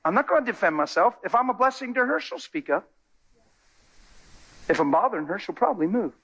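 Husky, animated preacher man. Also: high voice, fairly quick. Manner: animated, acts out people in his stories. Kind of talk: sermon with storytelling.

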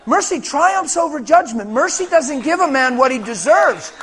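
A male preacher delivering a sermon, telling stories in an animated, colloquial way. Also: very high voice, moderate pace. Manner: animated storytelling with colloquial speech.

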